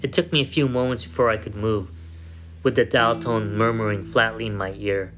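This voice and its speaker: A man narrating a first-person story in a measured, somber way. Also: lowish voice, steady tone. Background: soft guitar music.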